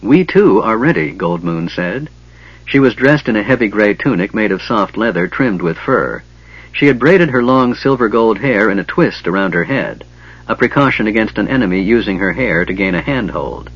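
A man reads a fantasy novel aloud in a measured, even way. His voice is husky and sits fairly low. The recording sounds dull and lo-fi. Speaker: audiobook narrator. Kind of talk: scripted fantasy narration.

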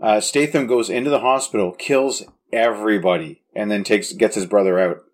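A man's voice: fairly low pitch, steady tone, normal speed. A man chatting casually about a movie, enthusiastic and often restarting his sentences.

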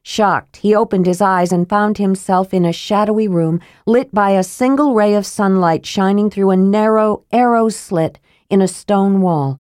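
A woman narrating a fantasy audiobook in a measured, even way. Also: medium pitch, no echo, clean studio sound.

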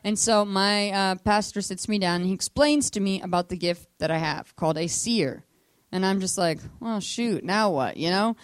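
A woman giving a casual, animated testimony sermon to a church audience, full of fillers like "like" and acting out the voices of people in her story. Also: medium pitch, normal speed, clear, resonant tone, no room sound.

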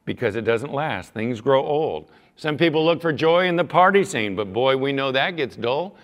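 A man preaching a sermon as pastor, earnest, building louder on scripture readings and dropping low at the ends of phrases. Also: expressive, moderate pace. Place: church sanctuary. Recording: long hall reverb.

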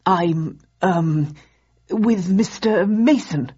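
A woman doing a nervous intruding man, stammering, hesitant, husky tone, slightly dull lo-fi audio. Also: fairly low pitch, extremely slow, mellow, full character voice. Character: nervous, out-of-place male intruder.

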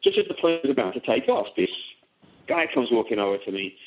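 A middle-aged British man, a guest on a teleseminar, talks conversationally over the phone with many ums and restarts. His medium-pitched voice swings widely in pitch at a quick pace. The call audio is dull and lo-fi.

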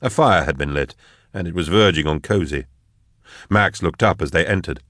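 A man narrating an audiobook in an even, measured delivery. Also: sits low, no room sound, clean studio sound. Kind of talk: scripted narration.

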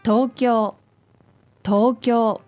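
A woman's voice: on the high side, fairly even intonation, extremely slow, darkish tone, no echo. A woman co-hosts a language podcast. She models each phrase carefully and repeats it for learners, then answers questions in short sentences. Faint music sits behind her. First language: Japanese. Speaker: podcast co-host and native-speaker model.

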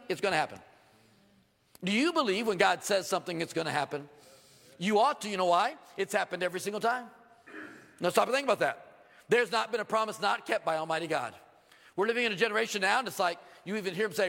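High, gravelly preacher in an echoing hall. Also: male voice, a little fast. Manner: animated preaching, acting out quoted voices with sudden jumps in pitch. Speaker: pastor. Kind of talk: sermon. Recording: long reverb of a large hall.

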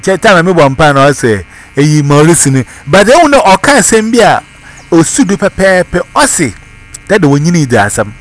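A man's voice: on the high side, sing-song, fairly quick. A man, telling a story in casual chat and switching between Twi and English. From Ghana.

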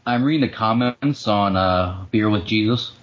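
A man's voice: fairly low pitch, moderate pace, muffled recording, slight background noise. A man co-hosting a casual podcast chat, ranting with lots of swearing and frequent laughter. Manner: profane, ranting, laughs often. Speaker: podcast co-host.

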